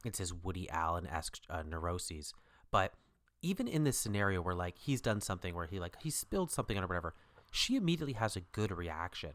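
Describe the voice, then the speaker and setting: Low-voiced man with lively, joking delivery. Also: fast talker. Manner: lively, joking, jumps into high quoted voices. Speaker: podcast co-host. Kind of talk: casual chat about a TV episode.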